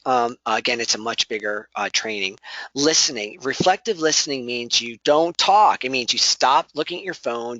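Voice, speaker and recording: A man's voice: mid-range voice, sharp tone, no room sound, muffled recording. A man giving a conversational workplace training talk, often restarting sentences and acting out sample lines.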